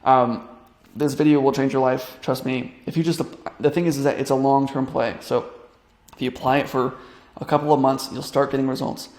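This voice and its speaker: A man's voice: medium pitch, level tone, a little fast, darkish tone, reverberant. A young man coaching online business, talking through a casual screen-share tutorial in a rambling way, with many fillers and restarts.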